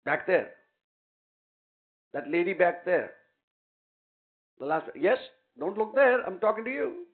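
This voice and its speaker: A man's voice: high voice, big pitch swings, slow pace. A man giving a guest lecture in a hall, teasing and coaxing students up onto the stage. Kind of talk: interactive classroom lecture. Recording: tinny phone-like recording.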